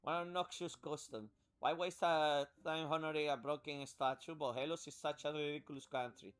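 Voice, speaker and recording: A man's voice: fairly high pitch, fairly even intonation, fairly quick, fairly bright tone, smooth, soft background music, close to an everyday voice. A man reading out the lines of a haughty, cruel noblewoman who owns a slave, with a scornful manner. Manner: scornful, contemptuous. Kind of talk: reading game dialogue aloud.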